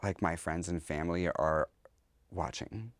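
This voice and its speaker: A man's voice: deep voice, steady tone, unhurried, dry recording. A man, a drag performer, talking candidly as a podcast guest and slipping into other people's voices while telling stories. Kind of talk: casual interview.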